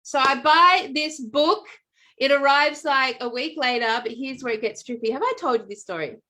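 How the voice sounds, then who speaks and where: A woman talks with a slightly high voice in casual conversation. She tells stories in an animated, rambling way, full of fillers and restarts. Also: normal speed. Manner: animated storytelling with many fillers. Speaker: podcast co-host. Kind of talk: casual chat.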